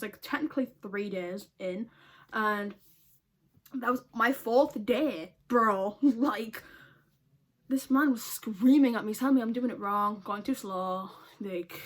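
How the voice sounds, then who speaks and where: A young woman, telling a story casually in a profane, exasperated way. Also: on the high side. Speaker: vlogger.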